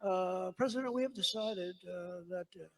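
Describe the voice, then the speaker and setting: A man's voice: sits high, normal speed. A man putting on a fawning French president. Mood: flustered. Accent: put-on French accent. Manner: overly polite, flustered pleading. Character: fawning French male president on a phone call.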